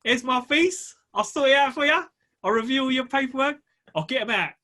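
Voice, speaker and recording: A man's voice: extremely high pitch, fairly quick, bright, forceful tone, pitched above the performer's own voice. A man voicing a confident, breezy male eviction fixer with a salesman's patter.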